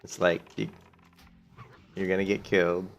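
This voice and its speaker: A man's voice: deep voice, flat delivery, normal speed, gravelly, soft background music. A man chatting casually and swearing freely as he plays a game, stopping now and then to answer his chat. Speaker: gaming channel host. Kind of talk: casual gameplay commentary.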